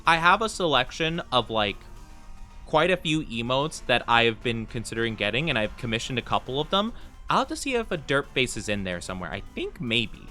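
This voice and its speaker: A man casually talking to his viewers while he plays a game, rambling and full of fillers. His voice is bright and forward, at an ordinary pitch. Faint music plays underneath. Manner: rambling and chatty, with lots of fillers. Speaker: livestreamer.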